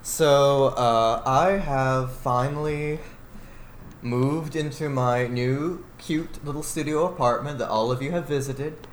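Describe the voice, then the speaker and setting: A man in his twenties co-hosting a podcast, chatting in a relaxed way. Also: mid-range voice, slow. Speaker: podcast co-host. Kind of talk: casual chat. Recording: roomy echo, faint noise.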